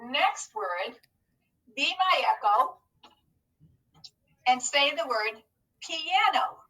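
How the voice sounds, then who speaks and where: A woman with a high, bright voice leads young children through a phonics lesson. She takes her time, spells each letter out slowly and praises their answers. Her voice sounds a little distant from the mic. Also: lively intonation. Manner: slow, clearly enunciated, encouraging teacher talk. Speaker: teacher.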